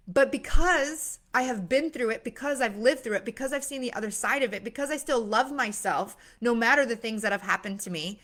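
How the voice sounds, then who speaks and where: A young woman coaching on mindset talks earnestly and casually, with many fillers and false starts, now and then gasping as she acts out worried voices. She speaks a little fast with few pauses, her voice slightly high and fairly bright.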